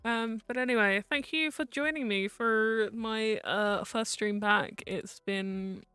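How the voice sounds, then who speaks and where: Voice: mid-range voice, slow pace, bright, forceful tone, clean tone, no echo, faint music behind. A VTuber streamer in casual live-stream chat while gaming, rambling, teasing friends and muttering to themself.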